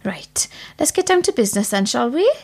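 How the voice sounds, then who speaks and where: A woman's voice: fairly high pitch, sing-song, brisk, a little mellow. A woman playing Sal, a gushing, over-polite female detective.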